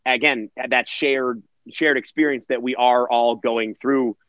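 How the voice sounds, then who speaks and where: A man's voice: mid-range voice, fairly even intonation, unhurried, fairly bright tone, no echo, dull audio. A man who works as a virtual event host, answering interview questions energetically and acting out quotes in other voices.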